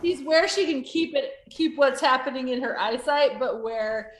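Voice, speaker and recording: A woman's voice: high voice, normal speed, roomy sound. A woman playing a tabletop game, describing her character hesitantly with many fillers. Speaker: player. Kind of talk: tabletop role-play.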